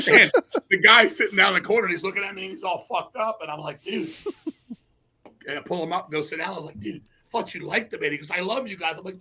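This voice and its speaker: A middle-aged man telling stories in a loud, rapid, profane way, acting out the quotes as a podcast guest. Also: high-pitched, lively intonation, a little hiss or hum, rough recording. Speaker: podcast guest, metal musician. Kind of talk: casual chat, storytelling.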